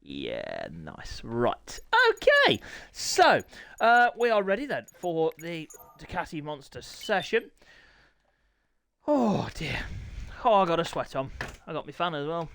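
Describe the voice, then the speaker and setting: A man commentating a sim motorbike race live, excitable, jokey and self-mocking, his voice a little hoarse. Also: a little high, measured pace, pauses often, dry recording. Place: small home room called a commentary box.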